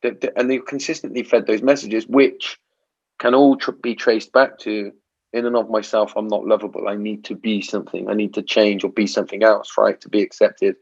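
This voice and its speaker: A man's voice: lowish voice, flat delivery, fairly quick, darkish tone, muffled recording. A man hosting an interview podcast, talking reflectively with frequent restarts and "right?" tag questions. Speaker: podcast host. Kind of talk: casual interview chat.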